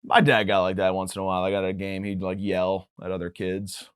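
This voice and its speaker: A man's voice: low-pitched, flat delivery, fairly quick, clear, resonant tone, no room sound, clean studio sound. A man hosting a podcast, delivering a profane, rambling comedic monologue with mock indignation. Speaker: podcast host.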